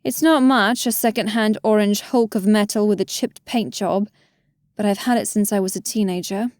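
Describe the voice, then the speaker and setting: A woman's voice: medium pitch, fairly even intonation, normal speed, darkish tone, no echo. Woman audiobook narrator, wry first-person read, dry close-mic booth sound. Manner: wry, self-deprecating inner voice.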